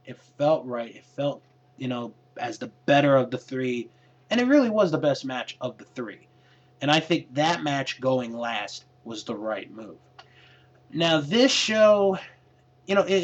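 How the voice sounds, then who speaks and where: Man recapping in a muffled lo-fi recording. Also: medium pitch. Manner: hesitant, with many fillers and restarts. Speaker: wrestling show reviewer. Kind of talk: casual recap monologue. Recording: lo-fi dull recording.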